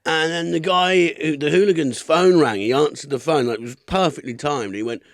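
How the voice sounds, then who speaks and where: A man's voice: fairly high pitch, a little fast, vocal fry, no room sound. Sweary storytelling man, dry studio sound. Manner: storytelling with put-on voices, sweary. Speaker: comedy podcast host. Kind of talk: casual chat.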